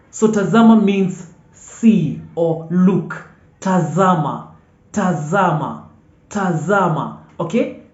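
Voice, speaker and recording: A language teacher calmly repeating each vocabulary word several times and checking in with "okay?" as they go. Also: mid-range voice. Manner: patient, drills words aloud and checks in with "okay?". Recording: echoey room, dull lo-fi sound.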